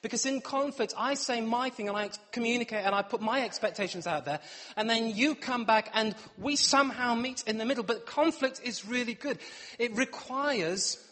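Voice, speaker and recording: Playful high-voiced preacher in a hall. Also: male voice, moderate pace, sharp tone. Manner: playful, self-mocking, acts out dialogue. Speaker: pastor. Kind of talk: humorous sermon. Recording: long hall reverb.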